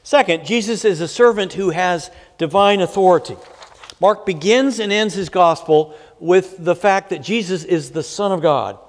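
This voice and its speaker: A man pastor preaching a sermon in a measured way, pausing with fillers and reading scripture aloud. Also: high voice, big-room sound.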